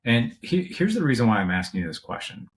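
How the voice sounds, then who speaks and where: A man's voice: mid-range voice, very animated, a little fast, slight background noise. A man hosting a podcast interview, a coach who speaks in an earnest, reflective way. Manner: reflective, earnest, explains at length. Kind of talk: interview conversation.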